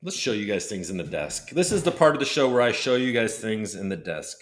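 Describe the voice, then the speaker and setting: A man's voice: fairly low pitch, sing-song, fairly quick. A man hosting a casual crypto livestream, rambling and joking irreverently as he reads viewer comments.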